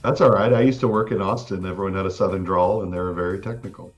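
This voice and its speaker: A man co-hosting a casual podcast chat, laid-back and quick with short agreements. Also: sits low, steady tone, highs cut off, soft background music. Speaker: podcast co-host.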